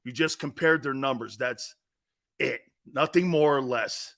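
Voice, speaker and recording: A man's voice: mid-range voice, normal speed, a bit bright. A man hosting a sports talk show, ranting with emphatic, combative opinions and repeating himself for emphasis.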